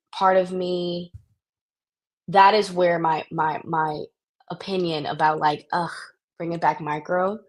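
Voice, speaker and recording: A woman talking as a podcast guest in animated, casual conversation, often restarting her sentences. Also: on the low side.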